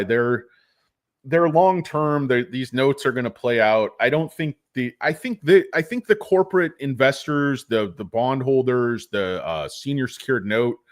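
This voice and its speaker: A man giving casual stock market commentary, rambling, joking and swearing as he goes. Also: medium pitch. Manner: rambling, jokey, profane.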